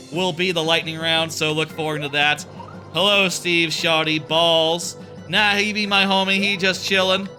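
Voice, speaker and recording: A man's voice: a little high, bright, forceful tone. A man streaming a video game live, chatting casually and answering his viewers' questions as he plays. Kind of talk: casual live-stream chat while gaming.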